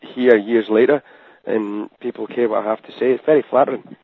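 A Scottish-accented man born in Scotland, a fitness trainer talking as a podcast guest in a relaxed, rambling way. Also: mid-range voice, fairly quick, husky. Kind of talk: casual podcast interview. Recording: dry, tinny phone line.

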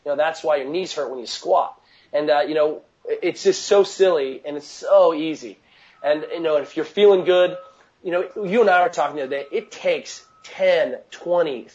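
A man's voice: on the high side, a little mellow, muffled recording. A man coaching athletes, talking casually and energetically in an interview, with lots of "you know" fillers and restarts. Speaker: mobility coach.

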